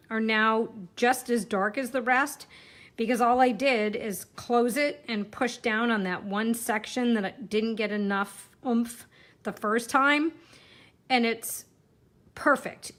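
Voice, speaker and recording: A woman's voice: fairly high pitch, fairly bright tone. Chatty woman demoing card stamping. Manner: chatty, self-deprecating, talks while working. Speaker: card-making instructor. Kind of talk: casual live crafting demo.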